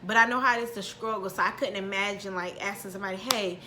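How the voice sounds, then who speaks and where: Bright-voiced emotional woman vlogger. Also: mid-range voice, steady tone, racing, slight background noise. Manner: heartfelt, says y'all often, near tears. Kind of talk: emotional casual chat to viewers.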